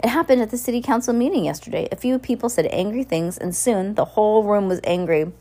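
Woman reading as a bookish teenage boy, earnest, eager explainer, mid pitch. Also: animated, quick pace, mellow, natural voice. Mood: explaining.

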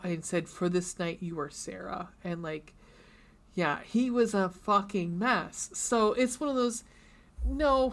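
Chatty swearing woman gushing over books. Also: mid-range voice. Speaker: podcast co-host. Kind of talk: casual chat about books.

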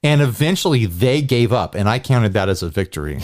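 Man telling animated prank-call stories. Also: mid-range voice, a little fast. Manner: animated storytelling, acts out phone calls. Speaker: podcast co-host. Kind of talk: casual chat.

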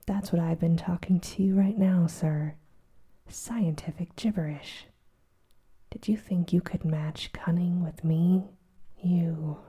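Woman doing a whispered role-play of a raging old professor, dark breathy whisper, unhurried. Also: on the low side, exaggerated voice. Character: gruff older male professor, furious and scornful.

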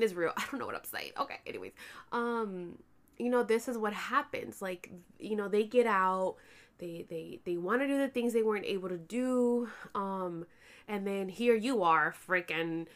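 A pregnant, tired woman chatting casually to her viewers as a vlogger, animated and swearing freely. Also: medium pitch. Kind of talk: casual chat to camera.

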